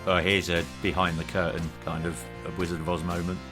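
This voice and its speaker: A man's voice: sits low, little pitch movement, brisk, music in the background. A man speaking as a podcast guest in casual interview chat, telling anecdotes with little chuckles and frequent restarts.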